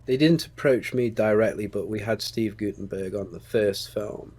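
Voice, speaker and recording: A man's voice: fairly low pitch, moderate pace, darkish tone, breathy edge. A man in his forties with a Stoke-on-Trent accent, a screenwriter talking candidly in an interview, reflective and hesitant with many restarts. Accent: Stoke-on-Trent English. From England. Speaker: screenwriter and producer guest.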